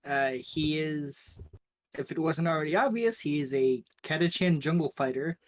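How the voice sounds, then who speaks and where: A man's voice: a little high, expressive, normal speed. A man introducing himself and his character in a tabletop game, hesitant and full of fillers. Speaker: player. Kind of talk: casual self-introduction.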